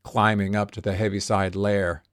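A man's voice: fairly low pitch, flat delivery, moderate pace, a bit bright, no echo, studio quality, close to an everyday voice. A man reading out the lines of a gracious, self-mocking veteran female stage star, in a clipped, slightly smoky voice. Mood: warm teasing. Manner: clipped lockjawed voice, a little smoky.

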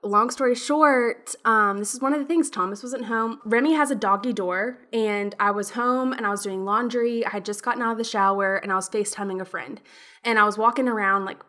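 A young woman hosts a relaxed talk show with a high, bright voice. She tells stories animatedly, with lively retellings that carry the listener along. The tone is chatty and unscripted. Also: a little fast. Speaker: podcast host. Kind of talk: casual chat.

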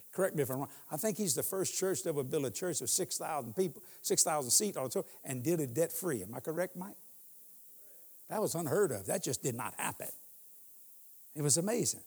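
A man's voice: on the high side, breathy edge, big-room sound. A man in his sixties preaching as a guest in a church, telling humorous stories and laughing often. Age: 60s. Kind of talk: sermon.

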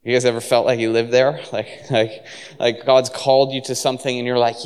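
A man preaching a sermon in a relaxed, conversational way, full of fillers and restarts. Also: mid-range voice, fairly quick, clean tone, big-room sound. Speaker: pastor.

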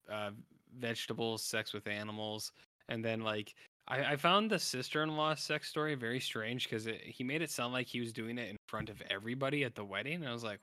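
A man co-hosting a podcast, chatting casually about a film with wry, deadpan asides. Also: medium pitch, no echo. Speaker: podcast co-host. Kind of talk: casual film-review chat.

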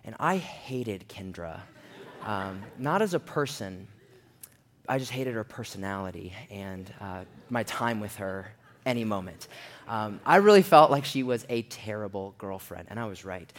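A man's voice: lowish voice, a little slow, slight background noise. A young man telling a personal story in a sermon, acting out the quoted voices as he goes. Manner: animated storyteller, acts out quotes in a raised voice.

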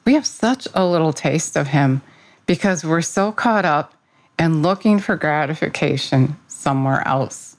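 A woman's voice: deep voice, animated, a little slow, low-quality recording. A woman giving an informal devotional talk, earnest and conversational, opening with a prayer and speaking about her faith. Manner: earnest, conversational, with fillers and self-corrections.

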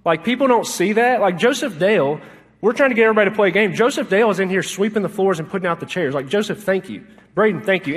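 A man's voice: high-pitched, a bit bright, long reverb tail. A young man preaching a sermon in a chatty, joking way, full of "like" fillers, from a church sanctuary. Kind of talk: sermon with personal stories.

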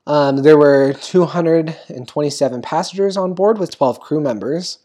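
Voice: medium pitch, moderate pace, warm tone. A young podcast host chatting casually, rambling through notes with frequent ums and giggles. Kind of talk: casual chat.

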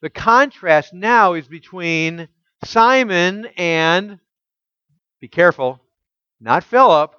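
A man preaching a teaching sermon, asking his listeners rhetorical questions and reading scripture aloud slowly with emphasis. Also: high-pitched, expressive, bright, forceful tone, smooth, no echo, highs cut off. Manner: asks the congregation rhetorical questions. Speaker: pastor.

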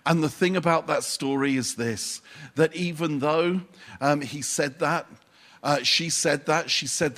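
A man preaching a sermon, unhurried and pausing for emphasis, with dry asides. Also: a little high, fairly bright tone.

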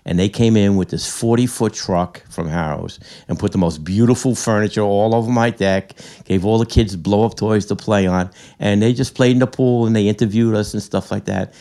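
An older man, a veteran guest, telling stories in a halting, rambling way, his voice cracking a little. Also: fairly low pitch, steady tone, warm tone. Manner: rambling, halting storyteller with many restarts. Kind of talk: conversational interview.

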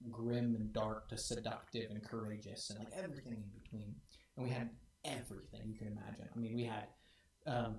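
A man's voice: medium pitch, a little mellow. A man co-hosting a community stream, talking casually and enthusiastically with many restarts. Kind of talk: casual chat. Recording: echoey room.

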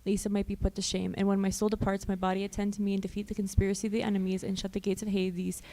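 A woman recites penitential prayers quickly, barely rising or falling in pitch. Her voice is mellow and dark in tone. She keeps a steady, even delivery. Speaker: prayer reader. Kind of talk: liturgical prayer reading.

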